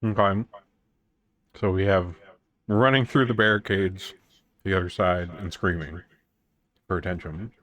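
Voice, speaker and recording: A man narrating a tabletop game as game master, in a relaxed, easygoing way. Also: low-pitched, a little slow, long pauses.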